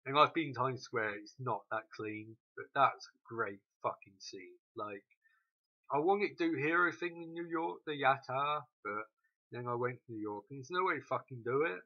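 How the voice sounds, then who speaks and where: A man's voice: medium pitch, normal speed. A man hosting a profane, sarcastic comedic recap rant. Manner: sweary, sarcastic, animated. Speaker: recap host. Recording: dull lo-fi recording.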